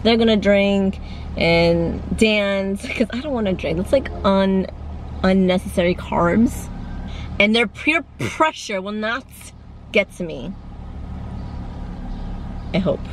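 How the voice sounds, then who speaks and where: Chatty mom vlogger in her 30s, bouncy animated voice, talking to a handheld camera. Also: medium pitch, slow pace, pauses often, a little hiss or hum. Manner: animated, chatty, mixes in Spanish. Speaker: family vlogger. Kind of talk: casual family vlog.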